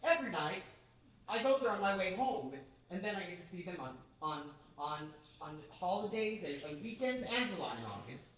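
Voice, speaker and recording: A woman's voice: lowish voice, big pitch swings, moderate pace, a little hiss or hum. A woman playing a weepy, fussy divorced man. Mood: mopey. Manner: anxious, stammering, sentimental. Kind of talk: community stage play. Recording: very echoey theatre from far off.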